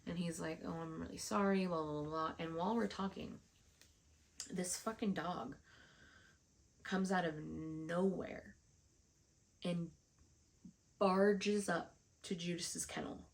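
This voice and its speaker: A woman's voice: lowish voice, fairly even intonation, takes it slowly, gravelly, long pauses. A woman vlogger telling a story casually, frustrated and swearing often, acting out the dialogue she quotes.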